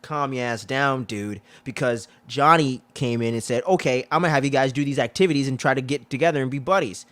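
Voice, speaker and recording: A man co-hosting a casual show review, excitable and profane, often acting out quotes in other voices. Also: mid-range voice, quick pace, hardly any pauses. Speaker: podcast co-host.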